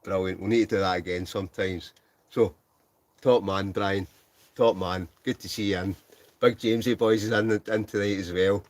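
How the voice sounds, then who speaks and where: With a deep, slightly mellow voice, a Scottish livestream host in his forties reads out what viewers have written, keeping a steady tone at normal speed. He's inside a tent, laughs often, and mumbles a bit; the recording is dry.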